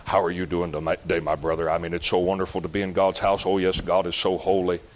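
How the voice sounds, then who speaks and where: A preacher putting on a syrupy, pious hypocrite churchgoer. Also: male voice, low-pitched, level tone, fast, slight background noise, pitched below the performer's own voice, natural voice. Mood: sanctimonious. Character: sanctimonious hypocritical male churchgoer, pious and showy.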